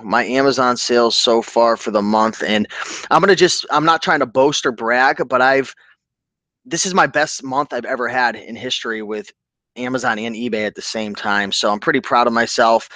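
A man hosting a casual livestream about online reselling, upbeat and chatty, giving shout-outs to viewers. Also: medium pitch, no echo.

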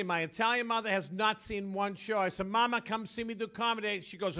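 A man in his sixties working through a stand-up set. His voice sits high and rings bright and forceful. He lands short one-liners in quick bursts. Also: fairly even intonation. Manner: punchy joke delivery, bursts into loud sung parody. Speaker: stand-up comedian.

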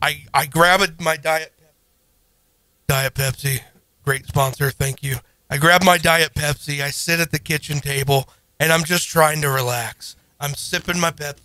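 Man, thirties, podcast storyteller, casual, self-deprecating, bright tone, dry sound. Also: a little high, a little slow, no echo. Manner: animated, self-deprecating, acts out his own panic. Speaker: podcast co-host.

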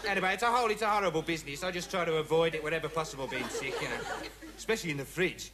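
A man's voice: a little high, very fast, over a noisy crowd, natural voice. An actor playing a dim young male amateur investigator who rambles through a comic monologue with pointless asides. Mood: rambling. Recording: loud studio audience laughter, noisy broadcast. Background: studio audience laughing.

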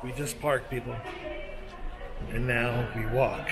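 A man filming a casual vlog, gushing and excitable as he keeps calling out to his viewers, first in a car and then walking outdoors. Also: medium pitch, moderate pace, pauses often. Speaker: vlogger. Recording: loud traffic noise behind a handheld camera. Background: loud vehicle and outdoor ambience.

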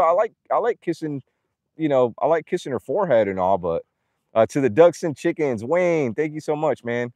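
A man's voice: a little high, very animated, normal speed, a little mellow, no echo. A young man livestreaming casually outdoors at an animal ranch, reading donor names and talking to the animals. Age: young adult. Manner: chatty, reads donor names aloud, coos at animals.

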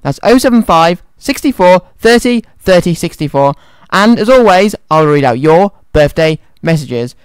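A man's voice: high voice, expressive, normal speed, clean tone, dry recording. A man presenting a children's radio show and reading a story aloud in a cheerful, friendly way, in a studio. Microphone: studio microphone.

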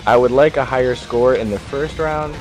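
A man giving casual, excitable commentary while playing a snowboarding game, swinging between mutters and shouts. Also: mid-range voice, moderate pace. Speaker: gaming YouTuber. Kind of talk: casual let's play commentary. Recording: game music behind.

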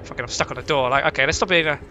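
A man hosting a casual let's-play from home, excitable, jumpy and heavily profane. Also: a little high, rapid-fire, slight background noise. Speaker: gaming channel host.

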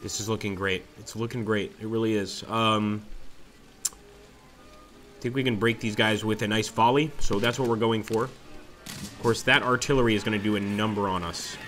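A man's voice: fairly low pitch, normal speed, soft background music. A man streaming a strategy game, commenting casually on each move and reading viewers' chat aloud. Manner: chatty, reacts excitedly to the game and reads chat aloud. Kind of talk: live gameplay commentary.

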